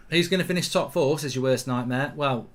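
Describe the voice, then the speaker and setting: Excitable man hosting a football watchalong. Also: medium pitch. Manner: excitable, blunt, swears freely. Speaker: host of a live football watchalong. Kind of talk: casual live match commentary and chat reading.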